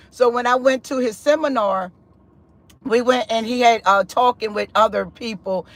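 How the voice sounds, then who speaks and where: A woman in an animated spiritual testimony on a live stream, chatty and expressive, often calling the listener "honey" and "sis". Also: moderate pace, dry recording. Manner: expressive and chatty, with big pitch swings and laughter; loose conversational speech with frequent "honey" and "sis".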